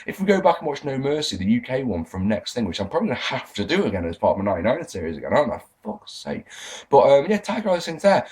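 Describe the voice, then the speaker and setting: Sarcastic, animated man reviewing. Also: mid-range voice, low-quality recording. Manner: sarcastic, sweary, exasperated. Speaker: wrestling review podcast host. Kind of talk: casual review monologue.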